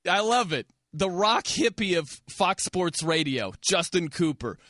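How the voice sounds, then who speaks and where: A man with a high, bright voice hosts sports talk radio in a dry studio. He teases callers and his co-host with quick, laughing banter. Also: very animated, dry recording. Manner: teasing, quick, laughs often. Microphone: studio microphone.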